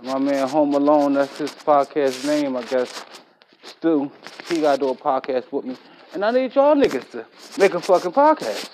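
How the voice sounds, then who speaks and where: A man's voice: a little high, lively intonation, normal speed, a little mellow, slight background noise, rough recording. A man hosting his own podcast in a casual, slangy and boastful monologue, recording while he works. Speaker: podcast host.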